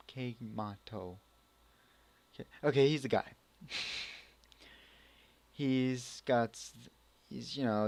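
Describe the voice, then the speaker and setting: Male amateur reviewer, unhurried, loose and rambling delivery. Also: medium pitch, a little mellow, dry recording. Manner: rambling, full of restarts and acted reactions. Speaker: anime reviewer. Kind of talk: casual spoken review.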